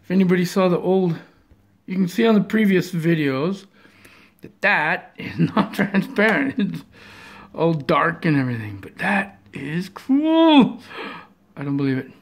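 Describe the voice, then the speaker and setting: A pinball hobbyist chatting to viewers in a casual vlog, thinking out loud and breaking into excited exclamations while showing a repaired machine indoors. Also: medium pitch, moderate pace.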